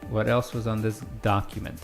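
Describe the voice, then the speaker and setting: A man's voice: on the low side, flat delivery, normal speed, creaky, faint music behind. A man co-hosting a podcast in casual chat, joking around and swearing freely. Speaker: podcast co-host.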